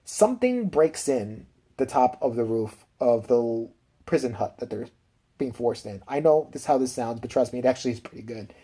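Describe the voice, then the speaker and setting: Husky man recapping a film casually. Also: medium pitch, animated, moderate pace, mellow. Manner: rambling, profane, laughing asides. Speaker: film reviewer.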